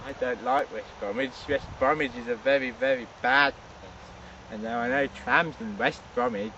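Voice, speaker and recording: A man's voice: medium pitch, very animated, moderate pace, vocal fry, sharp tone, far from the mic, slight background noise, exaggerated voice. A man voicing Cyril, a gloomy odd man who mutters his complaints. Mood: glum. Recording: lo-fi outdoor camcorder from afar.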